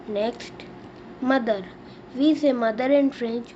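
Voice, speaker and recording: A woman teaches vocabulary in an unhurried, deliberate way, spelling each word letter by letter. Her voice sits a little high. The recording is dull and lo-fi, with a faint hiss behind her. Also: a little mellow. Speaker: language teacher. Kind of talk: vocabulary lesson.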